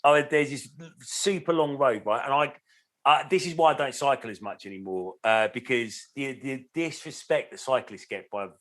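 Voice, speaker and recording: A man rambles through a story in easygoing podcast banter. He talks at an everyday pitch and curses freely, stopping and restarting as he goes. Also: moderate pace, fairly bright tone. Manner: rambling storyteller with lots of fillers and swearing. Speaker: podcast co-host. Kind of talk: casual chat.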